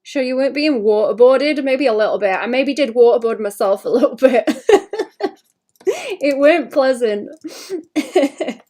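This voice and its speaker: A woman's voice: high-pitched, unhurried, long pauses, mellow. Woman streaming her drawing, bit of a cough, just rambling to chat. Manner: chatty, rambling, talks to chat between drawing. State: slight cough. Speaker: livestreaming illustrator. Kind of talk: casual chat while drawing.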